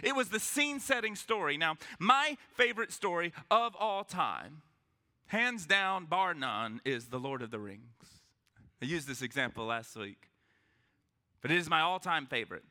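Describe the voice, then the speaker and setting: A man's voice: fairly high pitch, moderate pace. A man preaching a sermon to his congregation in a church, joking and acting out little voices as he goes. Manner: animated, joking, acts out voices. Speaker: pastor.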